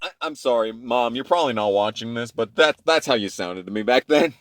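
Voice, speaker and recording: A man in his twenties telling childhood stories in a casual, profane, rambling way, swinging between loud rants and low mutters. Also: sing-song, fairly quick, few pauses, no room sound. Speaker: channel host. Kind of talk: casual storytime monologue.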